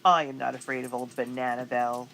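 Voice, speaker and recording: A woman's voice: extremely low pitch, little pitch movement, a little fast, vocal fry, fairly bright tone, heavily acted, low-quality recording. A woman voicing a bold, spirited young colonial girl in a storybook, speaking confidently and coolly. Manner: confident, cool.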